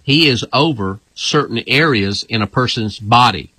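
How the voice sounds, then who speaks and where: A man's voice: medium pitch, normal speed, pushed and bright, husky, no room sound, poor audio. A man, a pastor, teaching in a casual, emphatic way and often repeating his phrases.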